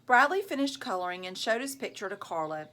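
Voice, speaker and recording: A woman reads a children's novel aloud to a class, expressive and clear. Her pitch is moderate, and she pauses to ask her listeners questions in a teacherly way.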